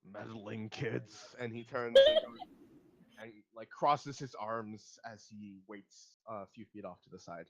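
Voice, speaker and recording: A man's voice: lowish voice, measured pace, lo-fi sound, a crowd in the background. A man narrating a tabletop game as game master in a casual, hesitant way with many fillers.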